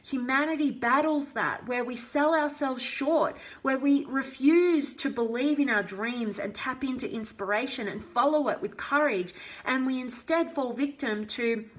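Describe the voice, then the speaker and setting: Speaking a little slowly in a high-pitched voice, a motivational coach runs a live stream. She responds to viewers' comments with warmth and heartfelt enthusiasm.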